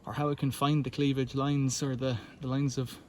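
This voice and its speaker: A man's voice: medium pitch, flat delivery, moderate pace, darkish tone. A man narrating casually to the camera while he works outdoors, talking to himself with pleased exclamations and a little out of breath. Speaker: video maker. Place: outdoors at a stone working site.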